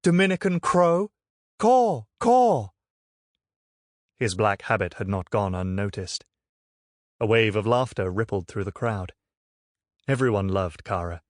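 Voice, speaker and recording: A male audiobook narrator with a fairly low voice, reading in a measured, steady manner. He sits close to a studio microphone in a dead, dry booth. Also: no room sound. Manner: measured, even storytelling. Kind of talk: scripted narration.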